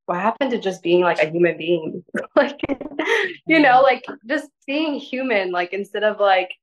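A woman as a podcast guest, talking in a gentle, rambling casual way, full of "like" fillers. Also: medium pitch, expressive, moderate pace, highs cut off. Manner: rambling, filler-heavy with frequent "like"; soft, gentle delivery. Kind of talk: casual interview conversation.

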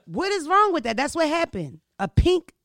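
A woman hosting a casual chat, telling stories in an animated, laughing and profane way. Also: high voice, moderate pace, no echo, clean studio sound. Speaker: podcast host.

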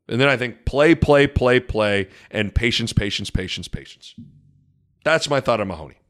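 A man's voice: mid-range voice, a bit bright. A man hosting his own podcast, telling stories in a casual chat and repeating words for emphasis. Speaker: podcast host. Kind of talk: casual solo podcast talk.

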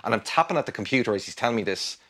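A man with an Irish accent, talking as a guest guitarist in a casual interview, rambling and animated with many restarts. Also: fairly low pitch, rapid-fire. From Ireland.

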